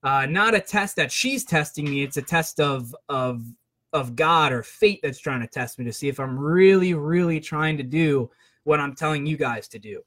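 A man's voice: on the high side, moderate pace, a bit bright. Man venting through a rambling story. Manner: rambling, frequent "right?" and "like" fillers; frustrated venting. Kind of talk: casual personal storytelling monologue.

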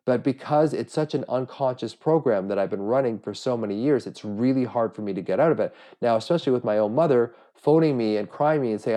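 Brisk and barely pausing, this podcast host has a warm, medium-pitched voice. The middle-aged man is fighting a cold as he talks alone in an earnest, introspective way, with frequent restarts in his reflective monologue.

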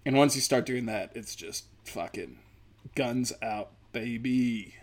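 A man rants through a casual comedy monologue at an ordinary middle pitch. He swears constantly and drifts from one complaint to another. His humor is dark and sarcastic. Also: slow pace. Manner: profane, rambling, darkly sarcastic.

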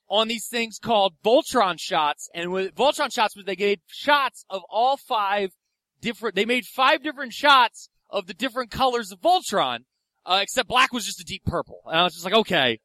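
A young male stand-up comedian from Philadelphia, telling a story with animated, profane energy. His voice sits high and swings widely in pitch. The sound is dry and close. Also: normal speed, no room sound.

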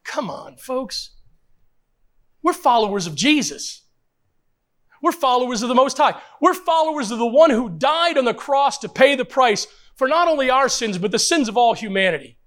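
A man's voice: very high-pitched, animated, normal speed, fairly bright tone. An older man, a pastor, preaching a sermon with emphatic rhetorical questions and repetition.

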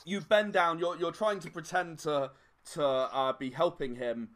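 A man's voice: a little high, fairly even intonation, measured pace, fairly bright tone. A man running a tabletop game as game master, narrating in a rambling style with frequent fillers and chuckles.

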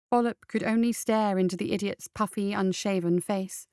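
Woman, audiobook narration, smooth clear voice, dry close studio sound, measured dramatic delivery. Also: medium pitch, level tone, a little mellow, no room sound.

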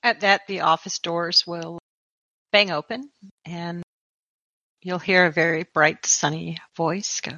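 Bright-voiced woman narrating a game. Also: on the low side, fairly even intonation, takes it slowly, no room sound, lo-fi sound. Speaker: game master.

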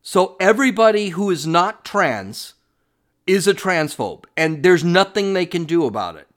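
Middle-aged guy hosting a podcast, sarcastic and blunt, voice jumps around a lot, kinda high. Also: sing-song, measured pace. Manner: blunt, sarcastic, repeats himself with restarts. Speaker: podcast host. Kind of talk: opinionated commentary on played clips.

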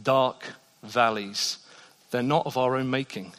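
A man delivers a sermon from a church. He is a pastor who swings between quiet, intimate passages and loud, emphatic peaks. His voice carries a long reverb from the hall around him. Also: mid-range voice, steady tone, takes it slowly.

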